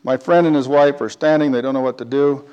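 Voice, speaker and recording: A man telling a personal story in a talk, animated, with big swings between loud and quiet. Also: mid-range voice, fairly quick, clean tone, dull audio.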